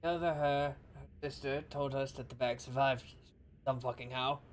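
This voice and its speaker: A man plays his character in a tabletop game, swearing freely and joking. His voice is mid-pitched, with faint noise behind. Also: fairly even intonation, moderate pace. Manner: profane and playful. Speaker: player. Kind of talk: tabletop role-play in character.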